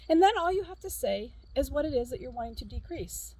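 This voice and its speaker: A woman's voice: high voice, expressive, quick pace, few pauses, darkish tone, rough recording. A middle-aged woman, a counselor, casually demonstrating a tapping technique outdoors, chatty and repeating short cue phrases, with an easy laugh. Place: outdoors at a farm.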